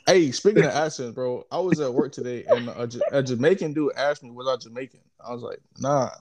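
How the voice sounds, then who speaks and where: A man's voice: mid-range voice, fast talker, darkish tone. A man chatting casually on a podcast in a laid-back way, laughing easily. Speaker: podcast co-host.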